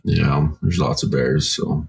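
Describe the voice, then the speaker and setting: A man's voice: rumbling low, steady tone, slow, vocal fry. A Canadian man co-hosting a podcast, talking in a laid-back, casual way and swearing now and then. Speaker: podcast co-host. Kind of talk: casual chat.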